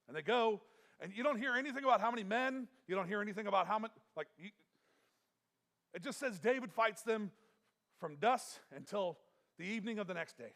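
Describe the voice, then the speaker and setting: A man with a gravelly, fairly high voice preaches a sermon. He talks earnestly and emphatically, repeating himself and restarting his sentences as he drives a point home. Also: animated, a little fast, a bit bright. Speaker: pastor.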